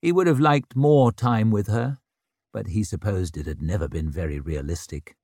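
A man narrating an audiobook in an expressive, wry storytelling manner. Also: on the low side, moderate pace, no room sound, studio quality. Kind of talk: scripted narration.

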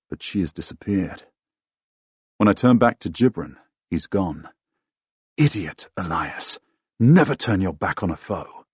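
A man narrating a first-person fantasy audiobook in a dramatic, expressive way, recorded close on a studio microphone. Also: low voice, breathy edge, no echo. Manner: dramatic, expressive, bursts into loud shouts in dialogue.

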